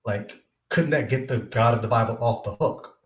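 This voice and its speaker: A man's voice: mid-range voice, moderate pace. Male podcast host, reflective questioner, echoey room. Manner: reflective, asks long thoughtful questions. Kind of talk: casual podcast interview.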